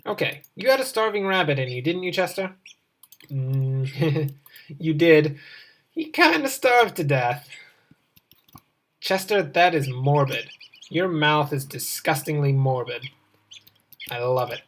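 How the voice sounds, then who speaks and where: A woman with a lowish voice for her sex narrates her gameplay in a loose, joking ramble. She keeps talking to a companion creature in the game, drifting from topic to topic in casual commentary. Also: fairly bright tone. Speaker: let's play host.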